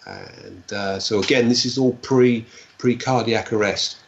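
A man, a guest recounting a personal story in a halting way, repeating words and adding "like, you know". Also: lowish voice, creaky, lo-fi sound, slight background noise.

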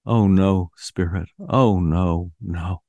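A man's voice: sits low, slow, warm tone, no room sound, dull audio. A man voicing a terrified old miser who pleads with a ghost in a quavering, raised voice, in a dry audio drama reading. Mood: pleading.

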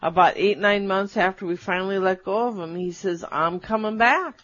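A woman co-hosting a chat, speaking gently and encouragingly. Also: medium pitch, level tone, fairly quick, dull audio. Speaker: co-host. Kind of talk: casual chat.

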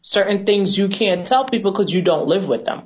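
A woman esthetician talking in an animated, emphatic, chatty way as a guest on a TV segment, on a dull lo-fi recording. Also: mid-range voice, normal speed. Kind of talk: casual TV chat.

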